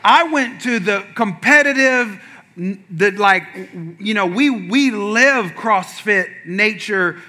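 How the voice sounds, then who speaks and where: A man preaching as a pastor, telling a funny personal story in a lively way and acting out the other people in it with sudden shouts. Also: high voice, slow. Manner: animated, acts out quotes with sudden shouts. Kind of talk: humorous sermon storytelling.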